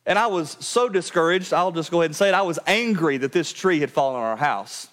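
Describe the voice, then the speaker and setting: A man preaching a sermon to his church, earnest and direct, often dropping to a quiet low voice to drive a point home. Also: expressive, fast talker. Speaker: pastor. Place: church sanctuary.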